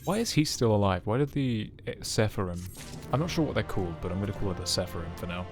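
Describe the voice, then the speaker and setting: Low-voiced joking young man streaming. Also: animated, quick pace, over music. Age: 20s. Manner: joking, self-mocking banter with chat. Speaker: game streamer. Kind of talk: casual live-stream chat while playing.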